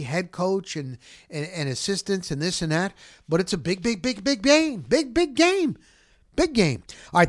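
A man's voice: a little high, no room sound, studio quality. A man hosting a casual sports talk show, rambling and repeating words for emphasis. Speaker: sports podcast host.

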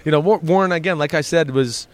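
Animated man telling stories. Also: quick pace. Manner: animated, acts out quotes with big pitch swings. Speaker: guest, former football player. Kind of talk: casual storytelling interview.

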